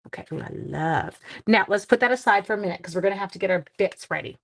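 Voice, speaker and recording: A woman's voice: fairly low pitch, a little fast, fairly bright tone, poor audio. A middle-aged woman leading a live-streamed card-making demo, chatting casually and poking fun at herself as she works. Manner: chatty, self-deprecating, talks while working.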